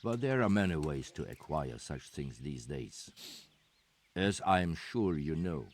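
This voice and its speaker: An actor playing a guarded, secretive soldier, speaking in measured, formal video game dialogue. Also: male voice, very deep voice, big pitch swings, heavily acted. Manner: measured, formal, stiff old-fashioned phrasing.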